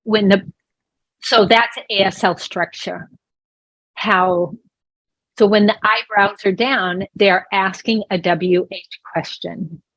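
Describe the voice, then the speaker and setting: A woman's voice: mid-range voice, steady tone, slow pace, fairly bright tone, no room sound, low-quality recording. A woman working as a voice interpreter, speaking a sign-language lesson aloud in an explanatory, conversational way with small restarts. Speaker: voice interpreter for a deaf presenter.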